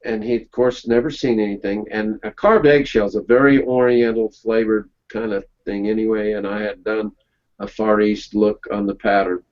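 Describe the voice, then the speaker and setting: A man's voice: fairly low pitch, steady tone, moderate pace, darkish tone. A man presenting a webinar, telling folksy business anecdotes in a casual round-table chat and checking in with his listeners. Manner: folksy storytelling, checks in with "okay?". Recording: dull lo-fi recording.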